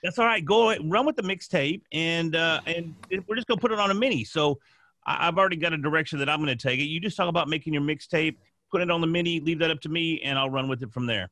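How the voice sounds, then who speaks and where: A man's voice: fairly high pitch, fast, sharp tone, no room sound. A man playing a slang-talking 1980s hip hop radio host on an improvised comedy podcast, with rhyming catchphrases. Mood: laid-back.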